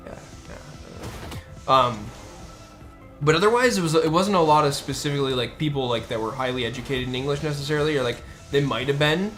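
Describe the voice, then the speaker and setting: A man's voice: mid-range voice, fairly quick, a bit bright, soft background music. Rambling man chatting on a stream. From United States. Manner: rambling, with many fillers and restarts. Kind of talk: casual chat.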